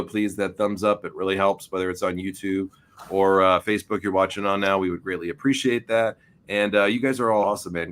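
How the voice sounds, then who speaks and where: Man in his forties, podcast host, casual chat, rather low voice, loose and stumbling. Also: fairly bright tone. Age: 40s. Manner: loose and chatty, stumbles over words. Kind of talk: casual chat, show sign-off.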